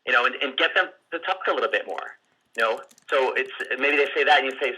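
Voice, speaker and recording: A man's voice: mid-range voice, fast talker, pushed and bright, slightly rough, poor audio. A man coaching salespeople on a group call, talking casually with lots of restarts and fillers. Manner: conversational, many restarts and fillers; acts out client and seller lines in quotes. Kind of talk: teaching on a recorded group call.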